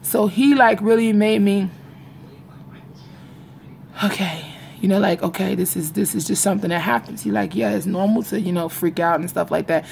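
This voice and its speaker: Young woman, casual vlogger, gravelly voice, confiding and repetitive, faint background noise. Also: mid-range voice, normal speed, a little mellow. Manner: rambling and confiding, repeats herself, addresses viewers as y'all. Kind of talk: casual vlog chat to viewers. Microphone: phone or webcam in front of her.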